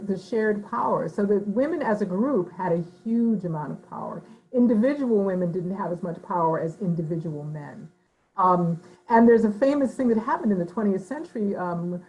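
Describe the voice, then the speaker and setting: Animated woman author in conversation. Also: medium pitch, low-quality recording. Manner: animated, slips into voices when quoting people; thoughtful, frequent hedging fillers. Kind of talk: conversational interview answer.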